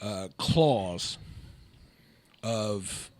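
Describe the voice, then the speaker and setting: A man's voice: fairly low pitch, animated, drawn-out words, darkish tone. A man co-hosting a podcast in casual chat, recounting a story at an easy pace with lots of fillers. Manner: laid-back storyteller, many fillers and laughs, patient pushback. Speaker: podcast co-host.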